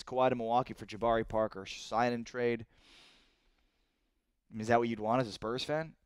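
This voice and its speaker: Reading through viewer comments on his live-streamed sports talk show, a thirtysomething man gets heated about trades, his excitable voice jumping sharply when he feels indignant. He has medium pitch, and the recording is dry.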